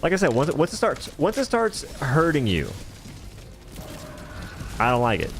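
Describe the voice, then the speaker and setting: A man's voice: a little high, huge pitch swings, moderate pace, slight background noise. A man streaming a game live, rambling and joking in casual chatter as he answers viewers' chat.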